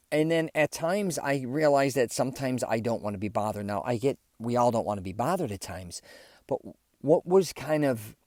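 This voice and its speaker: A man's voice: medium pitch, a little mellow, no echo, studio quality. A man hosting his own solo podcast, talking candidly and rambling a little, with many fillers as he reflects on his own behavior. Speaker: podcast host. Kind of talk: casual solo podcast monologue.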